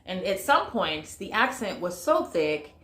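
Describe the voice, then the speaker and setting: This woman from the United States speaks unhurriedly in a mid-range, sing-song, fairly bright voice, recorded with reverb. She reviews a movie for her vlog casually, chatting with lots of fillers and calling her viewers "y'all."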